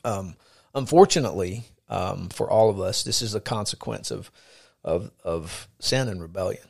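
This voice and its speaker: Gravelly man, lowish voice, earnest podcast co-host teaching faith with lots of fillers. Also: normal speed. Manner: earnest, lively, frequent fillers. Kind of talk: casual chat and faith teaching.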